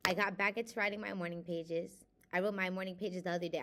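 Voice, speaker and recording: A woman's voice: medium pitch, fairly even intonation, fast talker, hardly any pauses, sharp tone. A young adult woman, reading from a self-help book and then venting candidly to camera in a casual confessional vlog. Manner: emotional, candid, shifts between reading aloud and venting.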